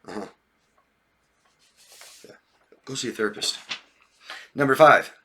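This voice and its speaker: A man talks casually as a relationship coach, his voice bright and keen. He keeps checking in with listeners with a "yeah?" or "right?", laughs often, and slips into raised, mocking voices to act out friends. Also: mid-range voice, animated, measured pace, husky. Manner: occasional swearing. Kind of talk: casual talk to viewers.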